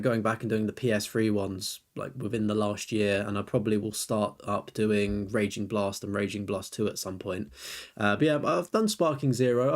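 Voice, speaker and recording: A young man chatting casually on a live stream, rambling as he reviews viewers' lists and answers chat. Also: lowish voice.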